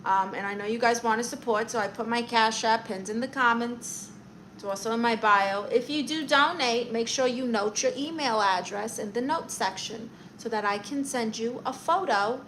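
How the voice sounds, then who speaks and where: A woman's voice: a little high, moderate pace, a bit bright, a little hiss or hum, poor audio. A woman hosting a casual livestream, reading viewer comments aloud in a chatty, playful way and laughing at herself. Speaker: livestream host.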